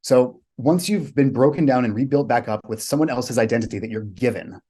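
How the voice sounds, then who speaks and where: Fairly quick and mellow, with a mid-range voice, this American podcast guest, a coach to clients, spins vivid, emphatic stories and swears bluntly as he goes.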